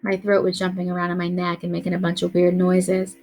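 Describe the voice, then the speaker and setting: A woman reading a novel aloud in a quiet, earnest first-person storytelling voice. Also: on the low side, completely flat delivery, a little fast. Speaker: audiobook reader.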